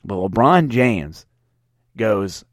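A man's voice: fairly low pitch, lively intonation, extremely slow, no echo, studio quality. A young man from Louisiana hosting a solo sports podcast, ranting in a sarcastic, mocking, riled-up way. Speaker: podcast host.

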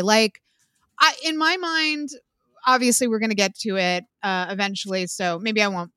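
Chatty, bright-voiced woman co-host. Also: mid-range voice, normal speed, clean tone, dry recording. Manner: chatty, opinionated, frequent "like" and "um". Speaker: podcast co-host. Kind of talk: casual chat.

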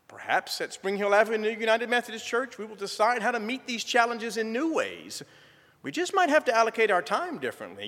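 Lively man giving church testimony. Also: high-pitched. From southern United States. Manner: folksy storytelling with gentle humor. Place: church sanctuary. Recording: reverberant church sanctuary.

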